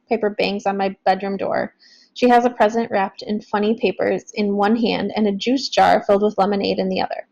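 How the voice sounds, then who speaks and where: Woman narrating, slightly gravelly voice. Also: mid-range voice, brisk, highs cut off. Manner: plain, steady storytelling. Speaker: audiobook narrator. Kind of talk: first-person novel narration.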